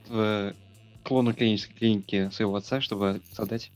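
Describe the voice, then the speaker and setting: A man's voice: on the low side, fairly even intonation, measured pace, close to an everyday voice. A Russian-speaking man playing his character in a party game, reading the choices aloud and laughing when he stumbles. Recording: faint game music behind.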